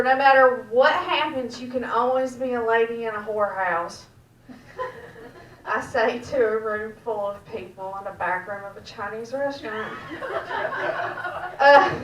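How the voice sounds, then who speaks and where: Southern woman doing dark stand-up. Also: fairly high pitch. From Georgia, US. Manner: dark, deadpan storytelling with a drawl. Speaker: stand-up comedian. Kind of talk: stand-up comedy set. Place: back room of a restaurant. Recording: echoey room, mic heard from far off.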